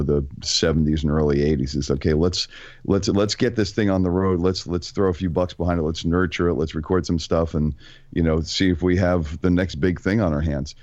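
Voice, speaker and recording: A man co-hosting a podcast, chatting casually and deliberately, pausing to search for words. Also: deep voice, darkish tone, no room sound, muffled recording. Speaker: podcast co-host. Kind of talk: casual interview chat.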